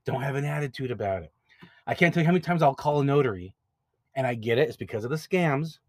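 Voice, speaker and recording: A man's voice: mid-range voice, lively intonation, quick pace, no room sound. A man hosting an advice podcast, talking casually and directly, often repeating words as he explains. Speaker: podcast host, notary signing agent business owner.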